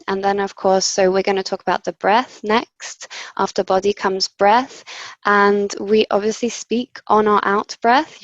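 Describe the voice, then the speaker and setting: A woman's voice: mid-range voice, no echo, highs cut off. Woman coaching voice exercises on a call. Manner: friendly instructive, many ums. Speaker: voice coach presenter. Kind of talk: guided voice exercises over video call. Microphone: computer mic on video call.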